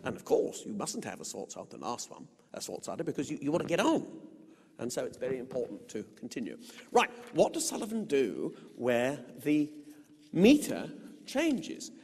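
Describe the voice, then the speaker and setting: A middle-aged British man giving a music lecture, explaining and reciting song verses with deliberate emphasis. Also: mid-range voice, wildly swooping pitch, gravelly, darkish tone. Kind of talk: lecture with spoken and sung musical examples. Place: lecture hall. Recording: long hall reverb.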